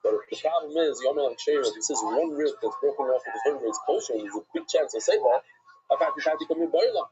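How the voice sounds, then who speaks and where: A man teaches a Talmud class in a fairly high voice that leaps up and down as he acts out the rabbis he quotes. He talks his way through the text with many restarts. The recording sounds dull and lo-fi. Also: lively intonation, quick pace, crowd noise.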